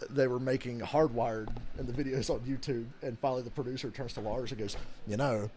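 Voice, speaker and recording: A man's voice: mid-range voice, quick pace, a little hiss or hum. Profane, laughing man telling fan stories. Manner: profane, animated storyteller who laughs a lot. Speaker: host reacting to a live football game. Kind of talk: casual chat with a friend.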